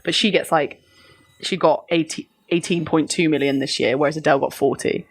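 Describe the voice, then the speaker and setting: Brief: woman, podcast co-host, very low voice, chatty and halting, laughs a lot. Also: fairly even intonation, slightly rough. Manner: hesitant, lots of ums, laughs often. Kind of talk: casual chat.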